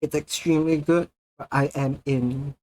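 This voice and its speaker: A man's voice: on the high side, fairly even intonation, moderate pace, darkish tone. A man chatting casually to his viewers on a live stream, playful and jokey, laughing often and talking between bites of food.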